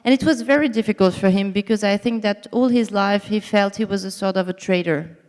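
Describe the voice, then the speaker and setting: A woman's voice: mid-range voice, brisk, a little mellow, in a large hall. Woman author on a stage. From Morocco. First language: French. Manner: anecdotal, frequent hesitations, wry humor. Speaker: guest author. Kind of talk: onstage interview. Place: large festival hall on stage.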